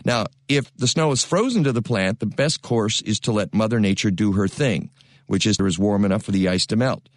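A man's voice: lowish voice, normal speed, no room sound. A man hosting a radio gardening show, chatting in a folksy, jokey way and reading sponsor spots into a studio microphone.

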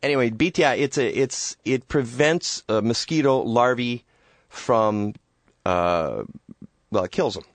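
A man hosting a radio garden show, talking casually in a rambling, halting way with many fillers. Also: mid-range voice, no room sound.

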